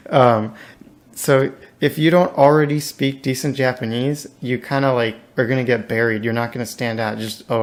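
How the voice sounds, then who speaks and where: A relaxed man speaking as an interview guest. His voice sits at an ordinary middle pitch, and he talks casually, with slang and plenty of "like" fillers. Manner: laid-back, slangy, filler-heavy with lots of "like".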